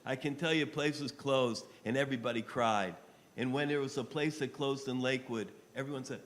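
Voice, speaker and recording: Man, fundraising appeal, pleading, bright forceful voice, long hall reverb. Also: medium pitch, fairly even intonation, moderate pace. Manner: pleading, rising to shouts. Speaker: rabbi appealing for donations. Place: telethon studio.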